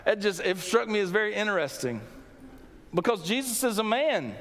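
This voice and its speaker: Man preaching, slightly high voice, conversational sermon style with restarts, recorded in an echoing hall. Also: sing-song, normal speed, fairly bright tone, a little hiss or hum. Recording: long hall reverb.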